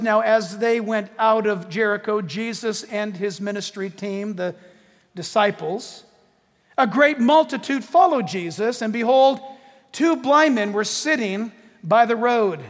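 A man preaching a sermon in a lively, joking way, acting out quotes from the text. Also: high-pitched, long reverb tail. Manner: animated, jokey preaching with acted-out quotes. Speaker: pastor.

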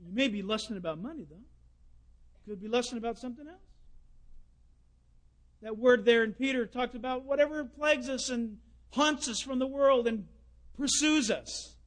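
A man preaching a sermon, telling folksy stories and swinging between loud bursts and hushed asides. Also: very high-pitched, moderate pace, long pauses.

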